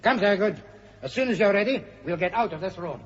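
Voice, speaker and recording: A suave mocking villain. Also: male voice, high-pitched, animated, fairly quick. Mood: menacing. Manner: smooth, mocking and commanding. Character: suave scheming male villain mastermind. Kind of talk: 1940s radio acting. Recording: dull old radio recording with hiss.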